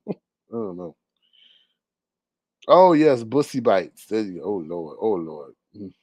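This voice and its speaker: A man's voice: on the low side, sing-song, slow pace, long pauses, dark tone, no room sound. A young man, gossiping sassily in casual commentary with laughing asides. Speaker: commentary vlogger.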